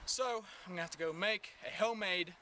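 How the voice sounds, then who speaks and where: A man hosting a parody survival show outdoors in the woods, with deadpan how-to narration that breaks into comic ranting. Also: high-pitched, brisk, distant mic. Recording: outdoor recording with clear background noise.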